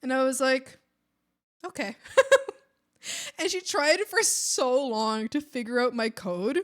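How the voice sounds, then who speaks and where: A woman's voice: high-pitched, animated, slow pace, a bit bright. A woman streamer with a lisp, chatting casually and telling rambling stories with laughs while she draws. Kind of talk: casual chat while drawing.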